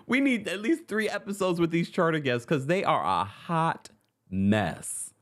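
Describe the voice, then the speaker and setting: A man's voice: fairly high pitch, expressive, a little slow, a bit bright. A man hosting a casual reality TV recap. He laughs often and acts out quotes from the show in put-on voices. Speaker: host.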